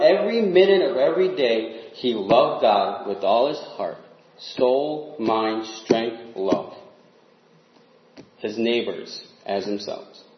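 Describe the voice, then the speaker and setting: A man preaching a sermon in an earnest, emphatic way, dropping low and quiet on the words he stresses. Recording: echoey room, dull lo-fi sound.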